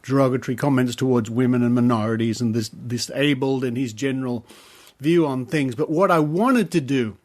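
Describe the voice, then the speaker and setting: A man's voice: medium pitch, a little fast. A man with an Australian accent hosting a podcast, chatting in a rambling, casual way with fillers. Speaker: podcast host.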